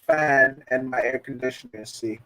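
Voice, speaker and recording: A man's voice: medium pitch, very animated, normal speed, creaky, pushed and bright, no room sound. A man on a stream talking through a headphone mic that sounds robotic and distorted, flustered as he keeps asking how he sounds. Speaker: stream guest.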